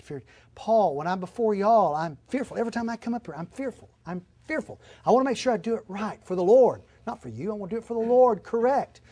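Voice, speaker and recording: A man's voice: high-pitched, a little mellow. A man preaching a sermon in an earnest, emphatic way, repeating his key phrases. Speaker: pastor.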